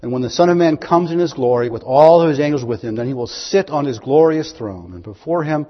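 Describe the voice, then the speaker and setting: A man preaches a sermon in a slightly high, husky voice that climbs to loud, emphatic proclamations. He reads scripture aloud and puts questions to his listeners. The recording is dull, with long reverb from a hall. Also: fairly quick.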